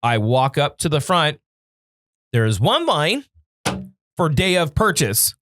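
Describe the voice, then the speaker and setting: A man's voice: on the high side, takes it slowly, background noise. A man co-hosting a podcast, telling a story in casual chat, jumping in and doing voices. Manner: animated, does voices and interrupts. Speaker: podcast co-host.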